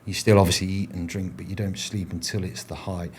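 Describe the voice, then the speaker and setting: A man's voice: sits low, flat delivery, brisk, a little hiss or hum. A man, a former paratrooper, telling his stories in a casual interview, rambling with frequent restarts and fillers. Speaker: podcast guest, former paratrooper.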